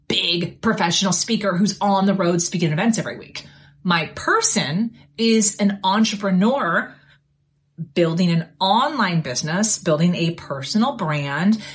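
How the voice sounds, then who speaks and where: A woman speaking coach hosts her own podcast, her voice sitting a little on the low side. She talks in a lively, conversational way, leaning hard on key words and tossing in blunt asides. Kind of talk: solo podcast coaching talk.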